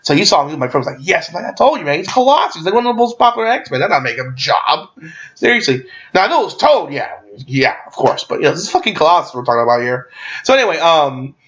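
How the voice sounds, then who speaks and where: This is a young man recapping a movie in a loose, rambling way, excitable and quick to swear, tripping over fillers and restarts. His voice sits a bit high for a man, and the recording sounds dull and lo-fi, like a cheap home mic. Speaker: movie reviewer.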